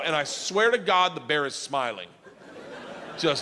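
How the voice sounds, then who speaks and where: Brief: rowdy male stand-up comic, high voice, laughing shouts, faint hum of the room behind. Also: moderate pace, long pauses. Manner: loud, animated, laughing, breaks into high shouts. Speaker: stand-up comedian. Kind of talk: stand-up storytelling. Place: comedy stage.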